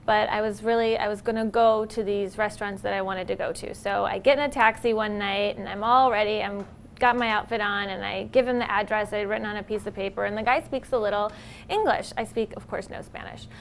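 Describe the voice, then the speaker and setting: A woman guest on a comedy game show, telling a comic anecdote in an animated way and laughing between phrases. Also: mid-range voice, fairly quick, creaky, slight background noise. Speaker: celebrity guest.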